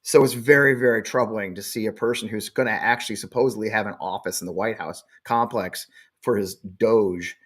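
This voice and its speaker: A man's voice: lowish voice, a little fast, breathy edge. Blunt, swearing male show host. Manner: blunt, profane, defiant. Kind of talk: live show monologue.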